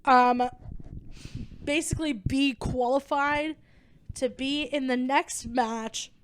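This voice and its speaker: A young adult woman co-hosting a comedy podcast, chatting casually and excitedly with lots of "like" and quoted impressions. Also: high voice, smooth. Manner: bubbly, rapid recaps full of "like" and quoted impressions. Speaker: podcast co-host.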